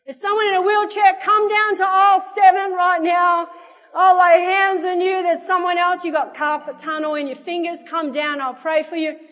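Woman doing a zealous teen guy making a shop announcement, high-pitched, roomy hall sound. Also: takes it slowly, few pauses, exaggerated voice. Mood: excited. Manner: loud and excited, announcing to the whole shop. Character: eager young man, about eighteen, bold and zealous. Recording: echoey hall with soft music.

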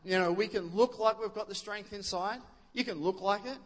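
A pastor with a high voice preaches a sermon at normal speed, his words echoing as if in a big room. He's conversational, often pausing to quiz the congregation, and restarts his sentences many times.

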